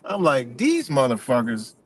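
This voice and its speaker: A man's voice: medium pitch, wildly swooping pitch, measured pace, faint music behind. A man hosting a livestream, ranting in a profane, rambling way and repeating himself. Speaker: channel host. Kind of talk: livestream rant.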